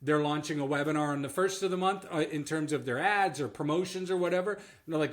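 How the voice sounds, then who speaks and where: A man's voice: fairly high pitch, fast talker, few pauses. A man with a Canadian accent giving a direct-to-camera marketing talk as a business coach, emphatic and punctuating points with a checking "okay?". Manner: emphatic, repeats "okay?" to drive points home.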